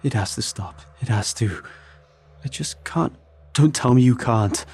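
Guy doing a shaky desperate gunman, low voice, clipped orders, slow. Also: a little mellow, a little hiss or hum, close to an everyday voice. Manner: tense, clipped commands, faltering. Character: desperate armed unkempt man, shaken and threatening.

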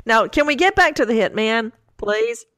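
This middle-aged co-host of a lively true-crime podcast has a fairly high, expressive, slightly bright voice and a moderate pace. She spins stories, quoting her kids with bursts of disbelief, in a studio-quality recording with no room sound.

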